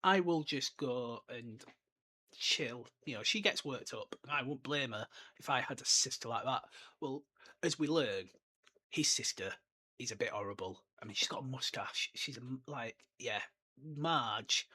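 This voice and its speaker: A man's voice: mid-range voice, normal speed, sharp tone, husky. A young man hosting a solo podcast, chatting enthusiastically and rambling off on tangents. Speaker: podcast host. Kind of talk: casual solo podcast book discussion.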